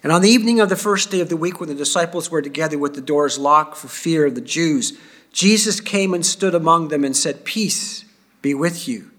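A man giving a sermon, reading scripture aloud with feeling and dropping to quiet asides. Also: on the high side, a little fast. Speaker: preacher.

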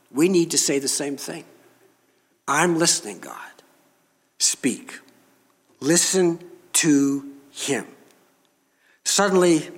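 A male preacher delivering a sermon in a slightly raised voice. He speaks very slowly and deliberately, stretching out key phrases and pausing for effect. His words ring out with the long reverb of a large hall. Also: on the high side. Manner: slow, emphatic preaching with dramatic pauses.

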